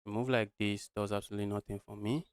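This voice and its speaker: A young man from Nigeria calls a live chess game with a smooth, resonant voice, mumbling through his calculations as he plays. He keeps talking to his viewers as "guys". The sound is dry and close to the mic, with no room around it. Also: fairly low pitch, steady tone, fast, no echo. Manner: thinks aloud, muttering lines of play, often addresses viewers as guys. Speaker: chess streamer. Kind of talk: live-streamed chess commentary.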